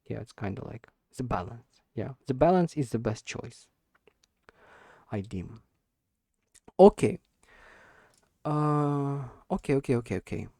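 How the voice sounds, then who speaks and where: A man records himself practicing spoken English, speaking slowly and stressing certain words. His voice is mellow and gravelly, with a dry, close sound. He hesitates often and repeats words while he hunts for the right one. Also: mid-range voice, lively intonation, no echo. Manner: deliberately slow with stressed words. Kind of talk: unscripted speaking practice monologue.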